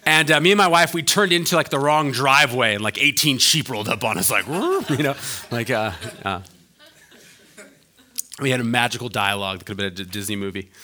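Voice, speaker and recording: A man preaching a sermon as a pastor, animated and jokey with many fillers and restarts, dropping low and quiet for earnest points. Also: brisk.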